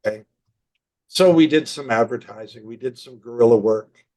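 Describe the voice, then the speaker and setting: A man in his sixties, a marketing consultant, telling animated stories with quoted dialogue in a podcast interview. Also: mid-range voice, moderate pace.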